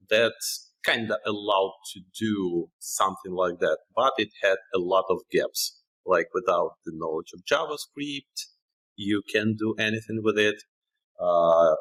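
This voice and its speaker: A man with a Ukrainian accent, a podcast guest, explaining his software in a measured way with occasional restarts. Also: lowish voice, low-quality recording.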